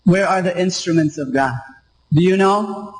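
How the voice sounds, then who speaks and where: Male preacher, high voice, emphatic, repetitive sermon delivery. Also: moderate pace, poor audio. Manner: emphatic and repetitive, with rhetorical questions. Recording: radio live stream.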